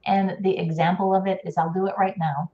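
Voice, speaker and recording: A woman's voice: on the low side, flat delivery, a little fast, muffled recording. Chatty woman coach on a roomy call. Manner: explains with demonstrations, laughs often. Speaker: speech and voice coach. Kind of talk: casual live-stream chat. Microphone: video call.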